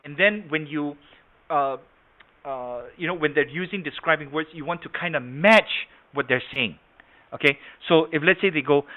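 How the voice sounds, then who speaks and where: A man's voice: fairly high pitch, moderate pace. A man leading an online sales training session, demonstrating points and often checking whether the audience follows. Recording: tinny phone-like online call audio.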